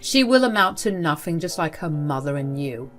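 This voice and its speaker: A woman voicing a cold, spiteful older grandmother who runs a school, reading her lines in a sneering, dismissive way, with soft music behind. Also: deep voice, sing-song, normal speed. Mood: contemptuous.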